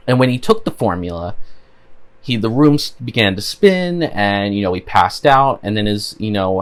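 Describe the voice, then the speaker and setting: A man casually recapping a cartoon episode, rambling with frequent fillers and restarts. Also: on the low side. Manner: rambling, many "you know" fillers. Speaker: show reviewer.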